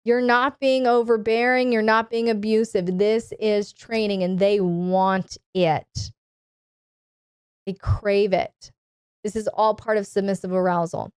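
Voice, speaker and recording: Slow, smooth-voiced commanding woman. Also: medium pitch, flat delivery, darkish tone, no echo, studio quality. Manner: commanding, deliberate, instructive emphasis. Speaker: dominatrix coach hosting a live Q&A. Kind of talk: live-stream advice talk.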